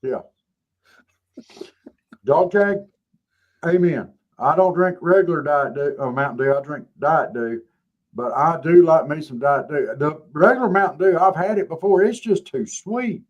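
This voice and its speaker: A man's voice: fairly high pitch, a little slow, dull audio. A man, co-hosting a casual chat show and telling laid-back, joking stories. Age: 50s. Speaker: show co-host.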